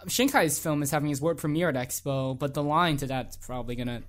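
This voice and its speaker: Fast, loud joking American man. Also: a little high. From United States. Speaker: podcast co-host. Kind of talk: casual podcast chat.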